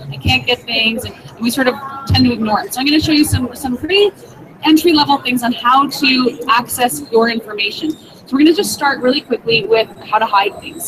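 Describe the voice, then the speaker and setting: A woman from Ontario with a Canadian accent, giving a bubbly, self-deprecating tech presentation at a conference. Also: a little high. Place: busy conference floor. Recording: noisy crowd in background.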